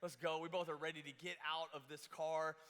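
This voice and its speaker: A young man from Georgia telling a story as a camp speaker, animated and full of restarts and fillers, in a large auditorium on a stage mic. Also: fairly high pitch, a little fast. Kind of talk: storytelling sermon. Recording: long hall reverb.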